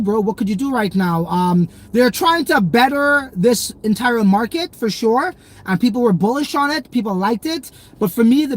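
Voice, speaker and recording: Slangy young man streaming casually. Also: high-pitched. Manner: slangy, loose and rambling, many fillers. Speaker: crypto livestream host. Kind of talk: casual livestream chat reading comments.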